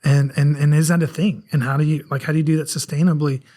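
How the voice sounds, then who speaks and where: A man's voice: on the high side, fairly even intonation, fast, dark tone. A man in his forties from South Carolina with a faint Southern accent, speaking candidly as a guest on a casual podcast with many restarts. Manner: rambling, frequent restarts, candid and self-reflective. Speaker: guest author.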